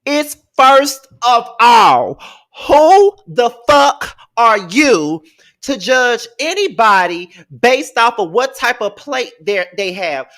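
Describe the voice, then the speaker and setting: A man's voice: very high voice, big pitch swings, takes it slowly, a bit bright. A man giving a casual rant as a commentator, sassy, profane and emphatic.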